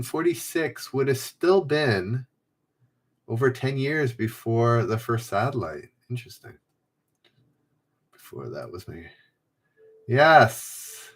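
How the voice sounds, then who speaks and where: A man hosting a live trivia stream from home, reading clues and chatting with viewers by name, often rambling and correcting himself. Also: medium pitch. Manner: rambling, self-correcting, reads chat names aloud. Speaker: trivia livestream host. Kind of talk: casual livestream chat, reading quiz clues. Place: home room.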